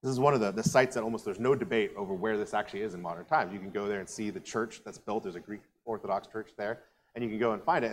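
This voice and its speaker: A man, a pastor giving a sermon in a relaxed, conversational storytelling way, acting out the voices of the people in the story. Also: medium pitch, in a large hall, a little hiss or hum.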